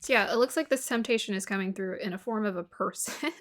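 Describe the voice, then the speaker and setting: A woman's voice: mid-range voice, fast, hardly any pauses. A woman giving a casual tarot reading to her viewers, musing aloud, laughing often and sometimes dropping to a murmur. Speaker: tarot reader.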